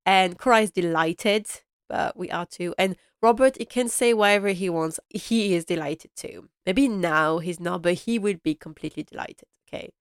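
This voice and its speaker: A woman's voice: on the low side, moderate pace, few pauses, clean tone, no echo, studio quality. A woman casually recapping a period drama episode, gushing and rambling with lots of fillers. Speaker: podcast host.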